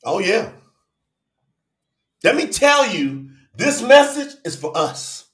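High, fervent preaching man. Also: very animated, slow, echoey room. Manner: fervent, shouting, greets viewers by name. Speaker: preacher and channel host. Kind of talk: livestreamed sermon.

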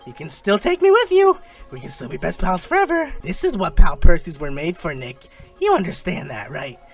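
Creepy high sing-song pet pup. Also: male voice, wildly swooping pitch, normal speed, gravelly, faint music behind, full character voice. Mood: clingy, menacing. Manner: sing-song, swinging from sweet to threatening. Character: creepy possessive virtual pet pup, menacing.

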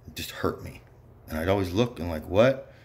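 Speaking a little fast, a man with a low, slightly rough, somewhat mellow voice vents in a bitter, profane ramble. His angry monologue is peppered with muttered side comments and repeated "yeps."

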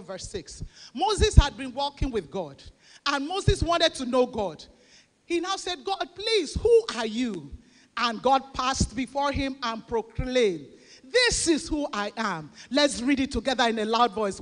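A woman pastor preaching a sermon, leading the congregation in call-and-response and often rising to shouts. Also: sits high. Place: church. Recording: long reverb of a large church hall.

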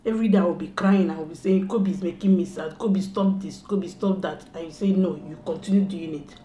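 A young mother talks at home in a mellow, darker voice, scolding and repeating herself in a mock-stern tone. The room is echoey and roomy. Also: on the low side, fairly quick, a little hiss or hum. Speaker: mother and vlogger. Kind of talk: casual family prank talk.

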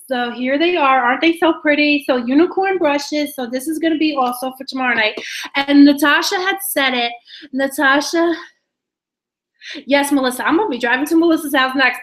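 A young woman chats through a live giveaway stream, excitable and scattered, often laughing and breaking off mid-thought. Her voice sits a little high and has a bright, forceful edge. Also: low-quality recording. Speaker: beauty vlogger hosting a live giveaway stream. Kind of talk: casual live-stream chat reading comments.

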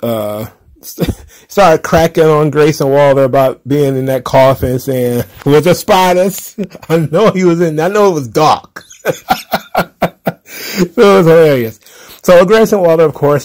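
A man's voice: on the high side, darkish tone. Laughing man recapping wrestling casually. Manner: laughs often, sarcastic asides, lots of fillers. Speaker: wrestling commentary podcaster.

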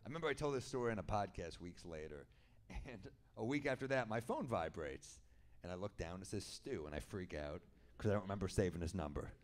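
A man telling a story in stand-up comedy at an indoor venue, with a wry, deadpan delivery. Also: sits low, brisk.

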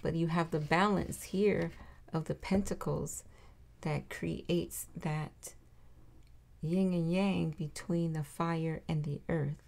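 Tarot reader, woman, slow and mellow, encouraging, talks straight to the viewer. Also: deep voice, fairly even intonation, gravelly. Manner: encouraging, repeats reassurances, addresses viewer directly.

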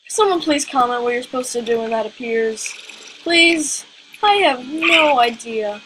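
A woman's voice: sits high, very animated, normal speed, pushed and bright, a little hiss or hum, poor audio. A woman giving casual let's-play commentary, rambling and questioning herself aloud as she plays. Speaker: gaming video creator.

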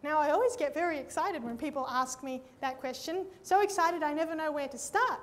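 Woman preacher, very high voice, lively storyteller, talks straight to the congregation. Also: fairly quick. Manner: lively storyteller who acts out both sides of conversations; addresses the audience directly with "friends" and "Amen?". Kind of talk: sermon.

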